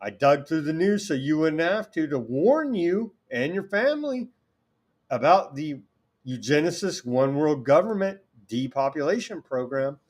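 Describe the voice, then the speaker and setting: A man's voice: fairly high pitch, big pitch swings, unhurried, darkish tone. A man from California hosting a political talk show, delivering sarcastic, indignant commentary. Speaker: host.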